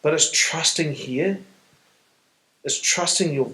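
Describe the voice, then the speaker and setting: A man with a New Zealand accent, telling a personal story to an audience in an earnest, halting way with pauses. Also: mid-range voice, steady tone. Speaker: guest speaker. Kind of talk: reflective public storytelling Q&A. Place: stage in a hall. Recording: roomy hall sound.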